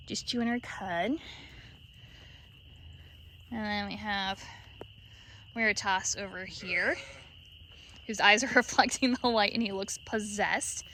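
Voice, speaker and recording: A woman's voice: mid-range voice, a little slow, pauses often, sharp tone, slight background noise. A woman vlogging at night in her sheep pen, chatting to the camera and cooing fondly at her animals. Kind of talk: casual vlog narration.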